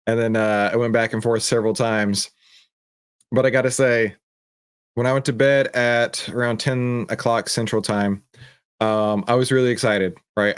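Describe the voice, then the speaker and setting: A middle-aged man hosts a livestream in an excited, chatty way and reads viewer comments aloud. His voice sits in a middle pitch range. The recording is dry and close-miked, with no room sound. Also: dry recording. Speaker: show host.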